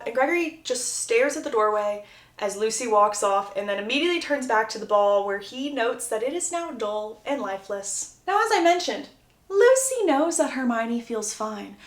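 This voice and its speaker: A woman with a fairly high voice walks through a romance novel chapter by chapter, chatty and gossipy, throwing in asides to her viewers. The sound bounces around an echoey room. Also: expressive, a little fast, fairly bright tone. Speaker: book reviewer. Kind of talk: casual plot retelling.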